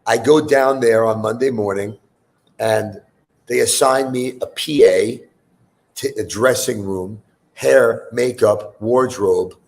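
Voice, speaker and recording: A man's voice: on the low side, slow, gravelly, a little mellow. A man in his fifties, a musician guest on a chat show, telling a long story in a loose, profane way, full of fillers.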